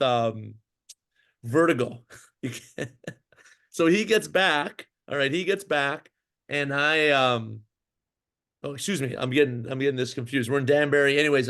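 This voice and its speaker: Speaking at an ordinary pace in a mid-pitched voice, a former pro hockey goalie from Minnesota tells a lengthy story during a casual interview. He's a lively, meandering storyteller who keeps using fillers and starting over.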